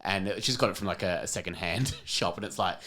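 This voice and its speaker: A woman's voice: rumbling low, a little fast, a bit bright. A woman in her thirties co-hosting a casual comedy podcast, reading silly puns with playful, jokey emphasis. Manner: joking, reads corny puns with playful emphasis. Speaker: podcast co-host.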